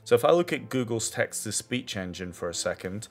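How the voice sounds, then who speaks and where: A man presenting a screen-share technology demo, explaining in a halting way that restarts and repeats words. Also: on the low side, expressive. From Scotland.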